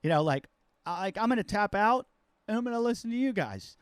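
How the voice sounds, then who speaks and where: A man's voice: high voice, animated, fairly quick, smooth, no echo, studio quality. A man hosting a podcast as a comedian, telling rambling, self-mocking stories in casual chat.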